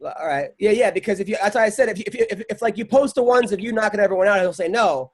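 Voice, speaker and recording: A man's voice: high-pitched, racing. A man hosting a casual podcast chat, teasing and laughing with guests. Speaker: podcast host.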